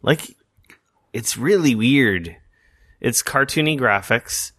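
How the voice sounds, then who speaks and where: A man's voice: medium pitch, lively intonation, slow, fairly bright tone, dry recording. A man hosting a podcast in casual chat, rambling and swearing freely. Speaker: podcast host.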